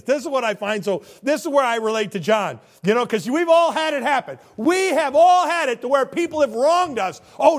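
Man, pastor delivering a folksy, dramatic sermon; high and expressive voice. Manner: dramatic, swings from loud exclamations to hushed tones; folksy, conversational preaching.

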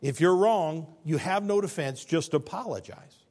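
A middle-aged preacher with a fairly high voice gives a sermon at a moderate pace, swinging from loud, emphatic points down to near-whispers. He quotes scripture in old-fashioned wording.

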